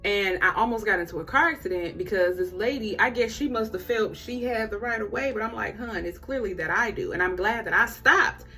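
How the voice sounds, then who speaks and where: A woman's voice: mid-range voice, husky. A young woman, telling a personal story in a casual vlog and acting out the conversations. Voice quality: expressive, acts out conversations with quoted voices. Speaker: vlogger.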